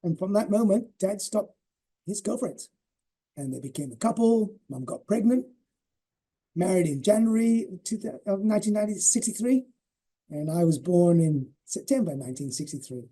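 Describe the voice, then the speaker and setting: A man's voice: sits high, animated, moderate pace. A man in his sixties telling family stories in a rambling, affectionate way for a legacy interview. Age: 60s. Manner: warm, rambling, many fillers and restarts. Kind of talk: reminiscing personal storytelling.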